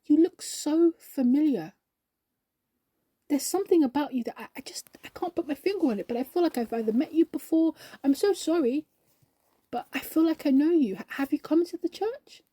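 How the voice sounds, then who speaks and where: A puzzled church man stumbles and apologizes his way through his words, as a woman reads him aloud. The voice rides high and soft, mellow rather than bright. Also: expressive, normal speed, dry recording. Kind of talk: storybook character voice.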